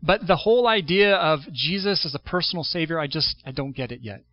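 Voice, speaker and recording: A man preaching a sermon in a slightly high voice. He speaks in a conversational, thinking-aloud way, with restarts and asides. The sound is dry and a little dull. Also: brisk, no echo. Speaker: pastor. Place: church sanctuary.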